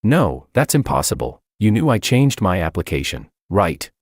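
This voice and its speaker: A man's voice: sits low, sing-song, normal speed, darkish tone, no room sound, clean studio sound. Man narrating as a flustered young woman. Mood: frantic. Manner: nervous, rambling excuses.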